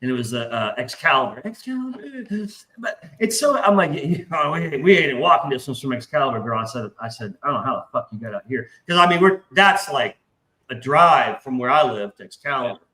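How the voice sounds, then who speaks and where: A man telling a long anecdote in casual podcast talk, profane and animated, acting out the voices in his story. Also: mid-range voice, fairly quick, low-quality recording.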